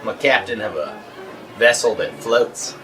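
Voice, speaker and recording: A man's voice: mid-range voice, lively intonation, moderate pace, natural voice. Brief: cocky Australian sky captain, put on by a man, nosy, chatty, a bit distant from the mic over music. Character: brash male Australian airship captain.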